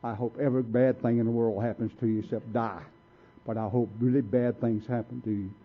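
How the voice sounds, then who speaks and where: Older man, blunt folksy storyteller, recovery talk, tinny lo-fi tape, mid pitch. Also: fairly even intonation, fairly quick. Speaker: recovery meeting speaker. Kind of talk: personal recovery testimony. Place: meeting room.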